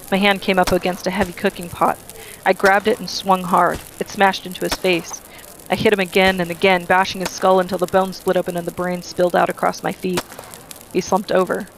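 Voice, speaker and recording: A reader giving a steady, earnest first-person reading of a novel. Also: medium pitch, gravelly, slight background noise, low-quality recording. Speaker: audiobook reader.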